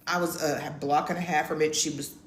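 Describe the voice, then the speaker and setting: A middle-aged woman co-hosting a podcast with her wife. She tells a story casually and acts out the quotes in a high voice. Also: steady tone, fast, slight background noise. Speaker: podcast co-host. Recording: echoey room with faint ambience.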